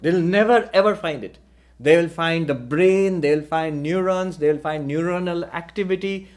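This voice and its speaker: A man, a spiritual teacher, giving a deliberate philosophical lecture and posing rhetorical questions. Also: on the high side, darkish tone.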